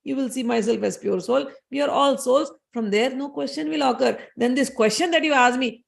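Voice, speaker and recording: Woman, scripture storytelling, spiritual commentary, fairly high voice, gravelly fry. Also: fairly quick, hardly any pauses. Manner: animated, explains and retells with quoted voices.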